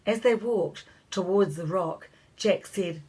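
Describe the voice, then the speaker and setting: A woman reading a children's storybook aloud as narrator, gently lifting her voice for the characters' lines. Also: fairly low pitch, takes it slowly, breathy edge, rough recording.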